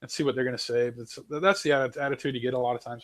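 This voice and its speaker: A man from New Zealand in casual chat, animated, laughing often and swearing casually. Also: medium pitch, racing, no room sound. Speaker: host.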